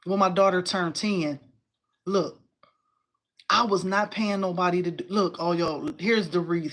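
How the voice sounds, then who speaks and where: A woman in her forties hosting a casual crafting livestream, chatty and animated, talking to viewers and reading their comments. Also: fairly low pitch, moderate pace. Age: 40s. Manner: chatty and animated, addresses viewers as y'all, laughs often.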